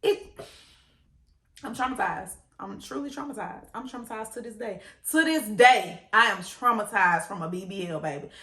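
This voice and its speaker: A young woman vlogger telling her story in a casual, animated way, blunt and full of laughs and swearing. Her voice is bright and forceful. She sounds like she is in an echoey room. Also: mid-range voice, moderate pace.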